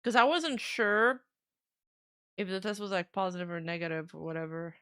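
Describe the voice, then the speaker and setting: A woman streamer giving casual reaction commentary, excitable, laughing often and swearing. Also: medium pitch, normal speed, smooth.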